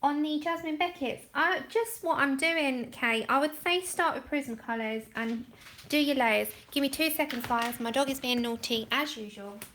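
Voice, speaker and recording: Here the woman's voice is high-pitched and a bit bright, moving at a moderate pace. As the livestream art host, she chats easily, walks through how she colours, and thanks viewers individually.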